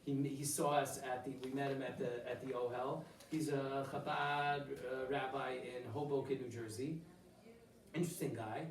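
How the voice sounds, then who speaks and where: A man teaching an informal Torah class in a synagogue hall, animated and full of rhetorical questions, with Hebrew phrases mixed in. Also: medium pitch, normal speed. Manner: mixes in quoted Hebrew phrases. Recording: roomy hall, distant mic, faint ambience.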